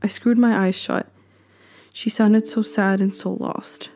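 A woman reading a horror story aloud, slow and hushed, sometimes dropping to a whisper. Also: mid-range voice, steady tone, creaky, a little hiss or hum.

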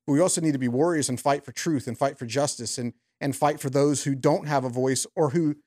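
A man's voice: mid-range voice, a little fast, dark tone. A man speaking earnestly as a guest in a casual conversation.

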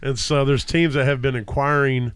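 A man's voice: medium pitch, flat delivery, normal speed. A man co-hosting a casual football talk show who rambles and acts out what the teams might say. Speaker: podcast co-host. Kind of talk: casual sports chat.

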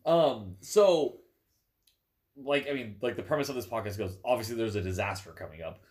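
A man's voice: lowish voice, moderate pace, darkish tone. A young man co-hosting a podcast, explaining in a rambling, casual way with lots of fillers, a bit stuffy from a cold. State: stuffy, sneezing. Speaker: podcast co-host. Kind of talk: casual chat.

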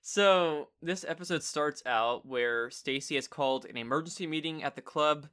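A man in his twenties hosting a podcast, chatting casually in a relaxed way about a series he reviews. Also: a little high, normal speed, clear, resonant tone. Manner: relaxed, chatty, trails off and restarts. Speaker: podcast host.

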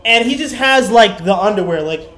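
A man's voice: sits high, lively intonation, normal speed, a bit bright, echoey room. A man co-hosting a podcast, chatting casually and telling a rambling, profane story, acting out the people he quotes. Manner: rambling storytelling, swearing, acts out quoted voices. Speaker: podcast co-host. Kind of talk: casual chat.

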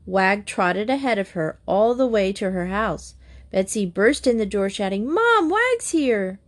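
A woman narrating a children's book aloud in a gentle, even storytelling manner. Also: mid-range voice, moderate pace.

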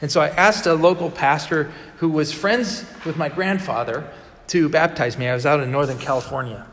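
A man's voice: a little high, normal speed, fairly bright tone, slight background noise. Man preaching in a reverberant hall. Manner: conversational storytelling, vividly acts out quoted dialogue. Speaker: pastor. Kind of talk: sermon.

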